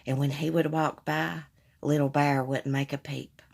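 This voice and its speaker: A woman's voice: low voice, little pitch movement, a little slow, vocal fry, darkish tone. A woman hosting a casual live chat, candidly telling personal stories to her viewers on a phone stream. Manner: candid, storytelling, addresses viewers as y'all. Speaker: livestream host.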